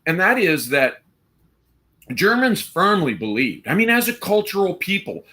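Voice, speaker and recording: A man's voice: high voice, very animated, unhurried, pushed and bright. A man hosting a live stream, giving emphatic, rambling opinions and slipping into mocking quoted asides.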